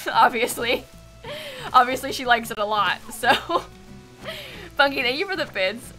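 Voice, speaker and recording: A woman's voice: on the high side, pushed and bright. A young woman streaming a game, chatting casually and giggling with her viewers, with music playing behind her. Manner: chatty, giggly, talks to her cat in a sing-song voice. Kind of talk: casual live-stream chat.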